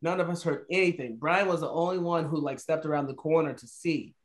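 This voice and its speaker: A man casually telling a spooky story among friends, acting out the people in it with big jumps in his voice. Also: fairly quick. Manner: animated, acts out quotes with big pitch jumps. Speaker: podcast co-host.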